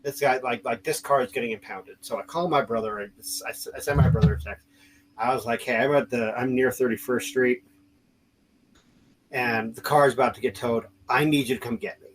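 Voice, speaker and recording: A man hosts a podcast and tells a long story in a loose, casual way. His voice sits at an ordinary middle pitch, and he keeps backtracking with fillers and restarts. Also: slight background noise, low-quality recording. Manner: rambling, many restarts and fillers, acts out quoted voices. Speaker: podcast host.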